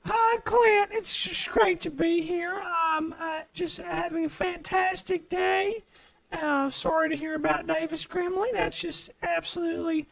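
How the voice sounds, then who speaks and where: A man's voice: very high-pitched, fairly even intonation, a little slow, gravelly, crowd noise, exaggerated voice. A man voicing an eccentric male whistleblower guest who stumbles and fumbles over his words. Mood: flustered.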